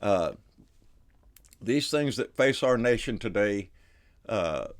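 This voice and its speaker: A man, hosting his own channel in a casual, excitable, folksy way, slightly out of breath. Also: on the low side, takes it slowly. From Texas, USA. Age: 60s. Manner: excitable, folksy, repeats himself. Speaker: channel host. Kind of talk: casual political vlog chat.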